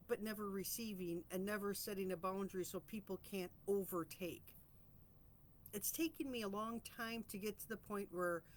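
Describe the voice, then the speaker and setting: A woman hosting a weekly reflection vlog, talking in an earnest, chatty, reflective way about calm and boundaries, stretching out phrases for emphasis. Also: mid-range voice, a little hiss or hum. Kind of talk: casual spiritual self-help musing.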